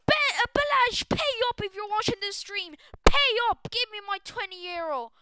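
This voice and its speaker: A young woman streaming a video game live, shrieking and excitable, often breaking into shouts. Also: very high voice, normal speed, hardly any pauses. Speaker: gaming streamer.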